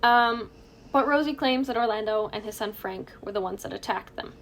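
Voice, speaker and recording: A woman's voice: a little high, normal speed, a bit bright, slight background noise. A woman co-hosting a true crime podcast, chatting casually, joking and laughing at her own asides. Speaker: podcast co-host.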